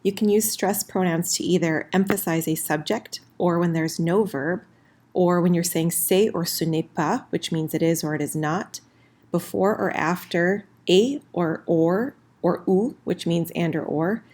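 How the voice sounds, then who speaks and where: A woman teaching a casual recorded lesson, explaining clearly and slowing down for example phrases, with keyboard typing in the background. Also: on the low side, darkish tone. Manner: friendly, slows down for example phrases. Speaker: French teacher.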